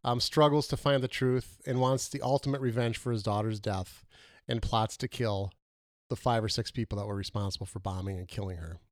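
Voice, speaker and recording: A man's voice: on the low side, steady tone, a little fast, no echo, clean studio sound. A man co-hosting a casual movie review chat, rambling and losing his words mid-sentence.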